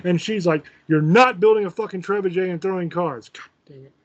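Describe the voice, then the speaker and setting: A man's voice: high voice, brisk, lo-fi sound. A man casually telling a profane, self-mocking story as host of his own show.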